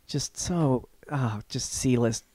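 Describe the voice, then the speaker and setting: A man co-hosting a podcast in casual chat, talking in a rambling, animated way with many fillers and restarts. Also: medium pitch, very slow, no echo, studio quality. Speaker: podcast co-host.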